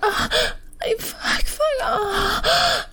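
A woman in a whispered role-play, speaking in breathy, intimate, drawn-out whispers straight to the listener. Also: extremely high pitch, animated, sharp tone. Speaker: audio role-play performer.

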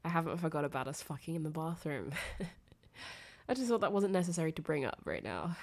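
In a low-pitched, animated voice that runs a little fast, a sick young woman with a fever and nasal tone performs a girlfriend phone-call role-play as an audio creator. She keeps it soft and intimate, often giggling and trailing off.

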